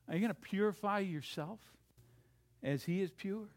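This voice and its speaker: A man preaching a sermon, swinging from loud, dramatic lines to hushed ones and acting out the quotes he reads. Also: sits high, normal speed.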